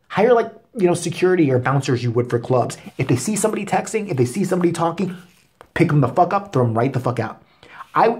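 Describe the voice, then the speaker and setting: A man's voice: fairly high pitch, a little mellow, slightly rough. A man telling an angry story as a vlog rant, cursing constantly and getting worked up. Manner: angry, expletive-heavy storytelling. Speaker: vlogger. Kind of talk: profane comedic rant.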